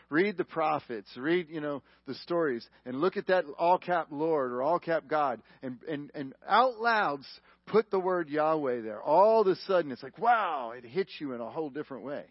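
A man's voice: fairly high pitch, no room sound, dull audio. A man teaching the Bible to a live congregation, often asking the room questions and pressing his points with emphasis.

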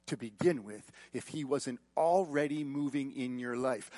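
A male pastor preaching a sermon, telling personal stories with repeated words and shifting from loud emphasis to hushed tones. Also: medium pitch, no echo. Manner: storytelling with repeated words and quick asides. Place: church.

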